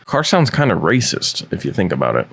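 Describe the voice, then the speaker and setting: Young man, reaction host, sarcastic, crude, lively pitch, loud car noise behind. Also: a little fast, gravelly. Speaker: host reviewing subscriber car clips. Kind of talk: reaction commentary.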